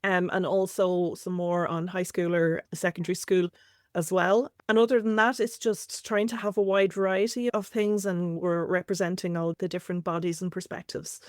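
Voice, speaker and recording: Low-voiced Irish woman, casual chat. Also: moderate pace, no room sound, clean studio sound. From Ireland. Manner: relaxed, with frequent "um" fillers. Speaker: conference organizer, guest.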